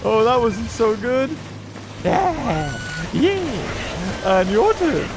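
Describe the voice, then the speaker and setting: A man casually commenting on his own game as he plays, excitable, yelping and talking to the game. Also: very high voice, extremely slow, background noise. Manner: excitable, talks to the game, yelps and laughs. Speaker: gaming channel host. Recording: game music under the voice.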